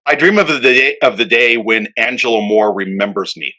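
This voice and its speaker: A man hosting a podcast, casually telling an animated anecdote full of fillers. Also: mid-range voice, moderate pace, poor audio. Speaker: podcast host. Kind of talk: casual storytelling chat.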